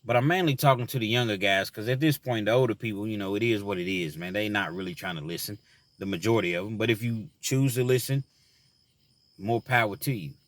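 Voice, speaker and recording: A man's voice: fairly low pitch, fast, no room sound. A man telling a personal story about his time in prison, earnest and reflective, full of "you know" fillers, then turning to advice for young men.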